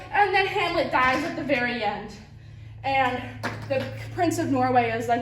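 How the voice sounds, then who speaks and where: A woman with a very high, fairly bright voice gives an unhurried, rambling class presentation summarizing a plot. She's giggly, uses lots of fillers, and breaks into silly voices. It's recorded in a classroom, roomy and from a distance.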